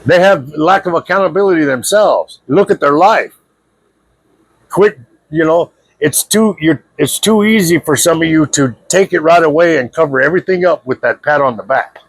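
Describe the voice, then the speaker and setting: A man's voice: on the high side, normal speed, vocal fry, husky, dry recording. A man giving a blunt, confrontational spiritual monologue to his viewers, repeating himself and leaning on "you know". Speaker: spiritual video speaker. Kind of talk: preachy spiritual monologue to camera.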